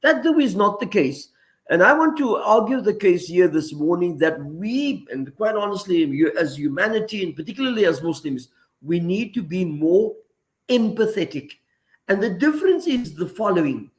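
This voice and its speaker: A man's voice: sits high, expressive, normal speed. A man speaking as the regular guest on a talk segment, earnest and a bit preacherly, working through everyday examples. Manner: earnest, preacherly, gives examples, uses Arabic phrases. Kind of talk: radio talk segment, reflective commentary.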